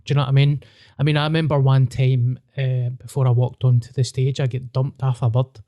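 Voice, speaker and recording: A man's voice: mid-range voice, level tone, brisk, warm tone, no echo, studio quality. A man with a Glaswegian Scottish accent, a comedian hosting a podcast, chatting bluntly with sweary, self-mocking banter. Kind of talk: casual podcast chat.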